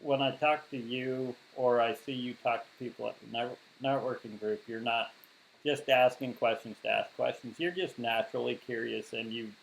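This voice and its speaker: A man from Western South Dakota in a casual podcast chat, thoughtful and halting, restarting his sentences. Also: mid-range voice, gravelly, a little hiss or hum, poor audio.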